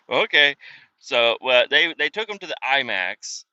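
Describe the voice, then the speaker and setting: A man's voice: mid-range voice, sing-song, a little slow, pushed and bright, dry recording. A man in his thirties hosting a podcast, telling rambling, profane stories in casual talk and acting out what others said. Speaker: podcast host. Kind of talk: casual storytelling monologue. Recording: dull lo-fi sound.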